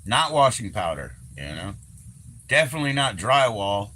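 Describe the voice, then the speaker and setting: A man's voice: on the low side, very animated, normal speed, music in the background. A man hosting a livestream, chatting loosely with lots of swearing, fillers and laughter. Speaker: livestream host. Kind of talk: casual rambling livestream chat.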